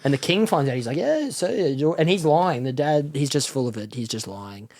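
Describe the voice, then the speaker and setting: A man's voice: medium pitch, a little fast, darkish tone. A man from Australia, a comedian guest on a podcast, rambling through a comic story and laughing often as he talks. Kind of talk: casual podcast chat.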